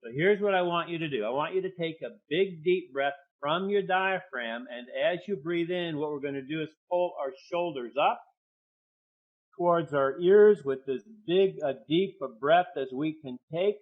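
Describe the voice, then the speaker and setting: A man leads a guided relaxation lesson over a video call, his voice sitting a touch high and drawn out as he coaches each breath. The webinar audio is dull and lo-fi. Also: normal speed. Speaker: webinar presenter, therapist.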